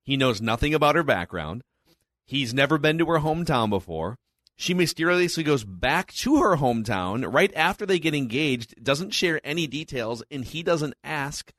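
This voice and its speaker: A man's voice: a little high, lively intonation, fairly bright tone, no room sound, studio quality. A man co-hosting a movie podcast, picking apart plot holes with incredulous questions. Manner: incredulous, rapid-fire questions. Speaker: podcast co-host. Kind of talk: casual movie review chat.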